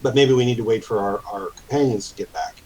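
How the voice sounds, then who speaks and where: A tired, genteel lady, as a man voices her at the table, speaking softly and politely in a low-energy way. The voice stays close to an ordinary man's register. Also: fast, recorded from a distance, lightly acted. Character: weary, genteel woman of the house.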